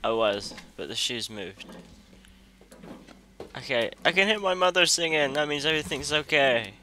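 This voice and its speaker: A gaming commentator jokes through a horror game, speaking as the toddler he controls and letting out sudden startled yelps. His slightly high voice is animated and sharp, at a normal speed, over slight background noise.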